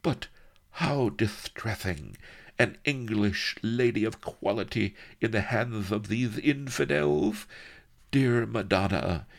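A man's voice: fairly low pitch, slow pace, creaky, voice pushed up. A man voicing a huge, armored, paranoid viceroy villain who blares orders and turns oily and lisping, with a flavor. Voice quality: blaring, then lisping and oily.

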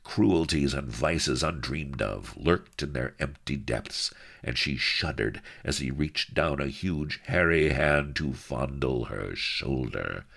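A man's voice: extremely low pitch, takes it slowly, creaky, fairly bright tone, slightly rough. A man narrating a comic audiobook with wry, theatrical asides to the listener.

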